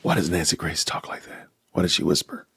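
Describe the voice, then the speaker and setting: Gravelly man chatting on a livestream. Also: sits low, very animated, brisk. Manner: talks to chat with y'all, reacting loudly. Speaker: podcast host. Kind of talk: casual livestream chat.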